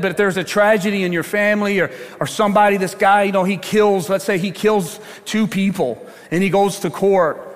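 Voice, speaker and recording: An older man preaching a sermon as pastor, telling stories with animated swings from loud to hushed. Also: high voice. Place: large church. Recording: long church hall reverb.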